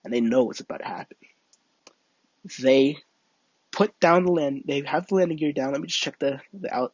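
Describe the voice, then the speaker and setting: Rambling husky young gamer guy. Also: mid-range voice, dry recording, highs cut off. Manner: rambling, hesitant, lots of fillers and restarts. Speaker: livestream gamer. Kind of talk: casual live-stream chat and storytelling.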